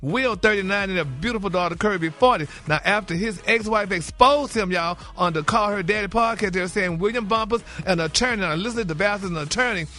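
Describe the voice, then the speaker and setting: A man's voice: sits high, brisk, few pauses, sharp tone. A man hosting a celebrity gossip segment on a morning radio show, sassy and indignant, calling listeners "honey" and "y'all.". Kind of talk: animated gossip chat.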